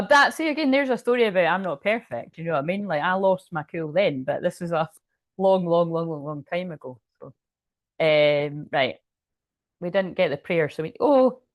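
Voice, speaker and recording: Woman, rambling profane storyteller, low voice, dry close sound. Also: animated, normal speed, pauses often, dry recording. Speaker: spiritual reader. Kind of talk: casual live-stream chat.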